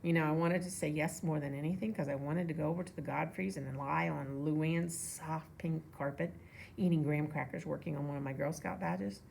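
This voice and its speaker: A woman reading a children's novel aloud in a relaxed way, with casual asides to listeners. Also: deep voice, a little fast, vocal fry, a little hiss or hum. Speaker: reader.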